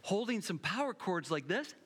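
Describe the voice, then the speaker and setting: A pastor preaching a sermon, telling humorous personal stories and building to emphatic repeated lines. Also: male voice, sits high, moderate pace, husky. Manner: animated, humorous storytelling, building to emphatic repetition.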